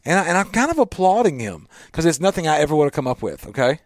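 Man from Tennessee, radio host, jokey and upbeat, voice a touch high and very animated, dry studio sound. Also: fast talker, dry recording. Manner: upbeat, jokey, laughs often. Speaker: radio show host and guest speaker. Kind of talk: casual radio chat. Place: small office used as a studio.

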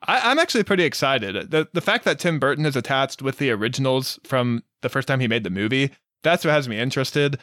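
A man's voice: mid-range voice, lively intonation, fast, pushed and bright, no room sound, clean studio sound. Blunt man chatting on a podcast. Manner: blunt, stumbles on starts. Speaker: podcast co-host. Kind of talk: casual chat.

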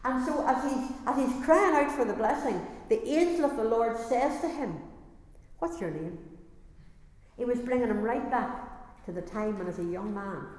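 A woman's voice: medium pitch, darkish tone. A woman preaching a sermon in an earnest way, often repeating and restarting phrases. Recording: very echoey hall reverb.

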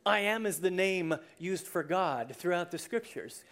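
Preacher telling a story in a sermon: lively, chatty, acts out the scenes. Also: mid-range voice, unhurried. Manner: conversational, with restarts and asides.

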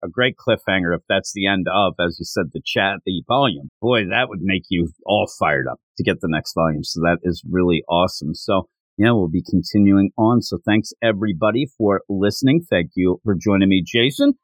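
A man's voice: sits low, fairly quick, dry recording. A man hosting a casual manga podcast, rambling and joking, often restarting his sentences. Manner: rambling, self-interrupting, joking. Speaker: podcast host.

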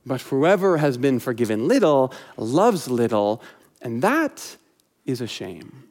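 A male preacher voicing a compassionate man gently rebuking his host, in an earnest, measured read-aloud delivery. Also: medium pitch, very animated. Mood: earnest, tender.

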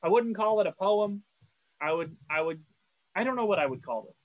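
A man's voice: high-pitched, lively intonation, a little fast, dry recording, narrow, tinny audio. A man co-hosting a casual podcast, recapping a cartoon episode in a rambling, stammering way. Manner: rambling, stammering, self-deprecating. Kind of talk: casual chat.

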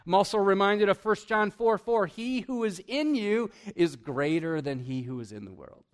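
A man preaching with lively energy in a church, his voice sitting a touch higher than most men's. He leans into big, loud emphasis, then drops to quiet asides, questioning the congregation and chuckling as he goes. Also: moderate pace, clean tone. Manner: animated, swings between loud emphasis and hushed asides. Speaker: pastor. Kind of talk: sermon.

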